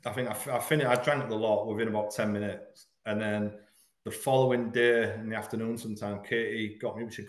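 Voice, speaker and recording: A man's voice: on the low side, fairly even intonation. Frank man in an echoey room. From Hull, England. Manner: frank, earnest, halting at painful moments. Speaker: podcast guest. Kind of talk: candid personal storytelling in an interview.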